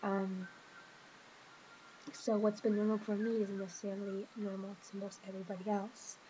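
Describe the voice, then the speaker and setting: A woman speaking to camera in a personal confessional vlog, hesitant and emotional, stopping often with pauses and fillers. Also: medium pitch, flat delivery, dark tone, slight background noise, rough recording. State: emotional, hurting. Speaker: vlogger.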